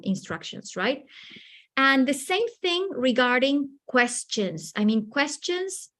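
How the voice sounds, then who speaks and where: Brief: woman workshop presenter, lively and animated, higher pitch, talking to teachers on a video call. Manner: lively, animated, acts out children's voices. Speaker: teacher trainer.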